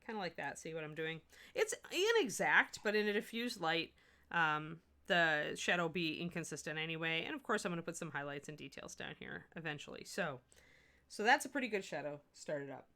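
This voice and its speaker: Hosting a livestream where she paints miniatures, this US Midwest woman chats with viewers and fields chat questions, restarting sentences now and then. She has a deep, expressive, bright, forceful voice and talks a little fast.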